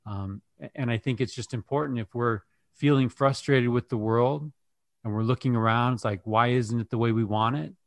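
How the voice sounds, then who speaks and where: A man's voice: medium pitch, moderate pace, no room sound. A man hosting a podcast, asking reflective questions and often restarting his words as he thinks. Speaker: podcast host. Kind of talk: podcast interview.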